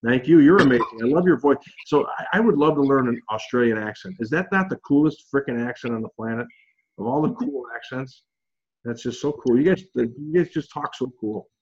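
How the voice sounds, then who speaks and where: A man's voice: mid-range voice, a little fast, muffled recording, slight background noise. Chatty encouraging male group coach. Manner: chatty, encouraging, heavy on fillers. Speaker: group coach leading a call. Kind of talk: casual group coaching talk.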